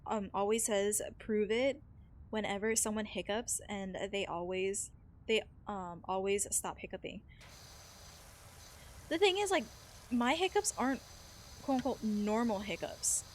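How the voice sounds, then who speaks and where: A woman's voice: mid-range voice, slight background noise. A woman chatting casually with her stream while she plays a game. She rambles, giggles often and fills her talk with "like" and "you know," speaking into a desk microphone at home. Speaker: live streamer playing a cleaning game.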